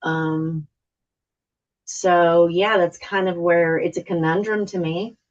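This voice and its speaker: A woman's voice: lowish voice, fairly even intonation, slow, muffled recording. A woman on a board meeting video call, speaking frankly but hesitantly, with many fillers. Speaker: housing board member. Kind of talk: meeting discussion.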